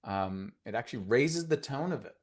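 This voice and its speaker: A mindfulness teacher on a live stream speaks at a moderate pace with a medium pitch and lively intonation. His delivery is loose and conversational, riddled with fillers, false starts and repeated words, while his tone stays earnest and gently encouraging.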